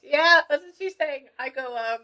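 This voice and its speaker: A woman gives a medium reading, relaying messages in an excitable, chatty way. Her voice is bright and sits somewhat high, and she laughs easily between thoughts. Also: normal speed, poor audio. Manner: excitable, laughs often, relays what a spirit says. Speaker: spiritual medium. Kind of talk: reading session for a client.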